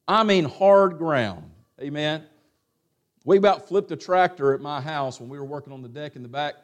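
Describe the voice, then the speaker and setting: A man preaching a sermon in church, folksy and casual, reading scripture aloud with rising emphasis. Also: fairly high pitch. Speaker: pastor. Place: church sanctuary.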